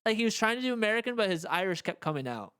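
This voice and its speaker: A man's voice: high voice, big pitch swings, racing, sharp tone, clear, resonant tone. A man co-hosting a podcast in casual chat, loosely trailing off mid-sentence. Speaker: podcast co-host.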